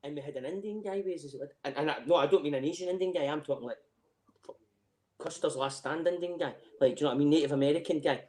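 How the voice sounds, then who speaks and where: Fast-talking Scottish man spinning yarns. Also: a little high. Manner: animated, swears freely, laughs between lines. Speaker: podcast guest. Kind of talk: casual anecdote telling.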